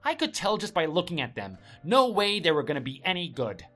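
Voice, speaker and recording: A woman's voice: on the low side, sing-song, brisk, a bit bright, faint music behind. A woman voicing an arrogant, contemptuous young husband who sneers and scolds his wife. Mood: sneering. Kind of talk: story drama voice acting.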